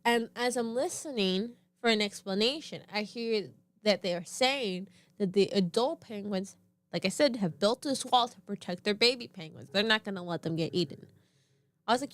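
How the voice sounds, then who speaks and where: A young woman co-hosting a casual podcast, telling a family story with animated, high-pitched quoted voices and frequent laughter. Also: moderate pace, dry recording. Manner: laughs often. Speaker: podcast co-host.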